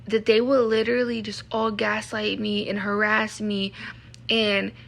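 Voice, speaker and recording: A woman's voice: mid-range voice, level tone, unhurried, gravelly, fairly bright tone. A woman hosting a podcast, venting frankly and emphatically while telling her own story. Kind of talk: candid personal storytelling.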